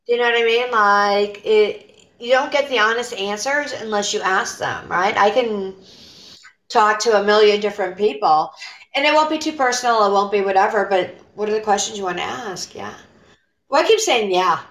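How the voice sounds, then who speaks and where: A woman's voice: mid-range voice, moderate pace, fairly bright tone, echoey room, low-quality recording. An American woman guesting on a podcast, chatting casually, laughing often and restarting her sentences. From United States. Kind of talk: casual chat.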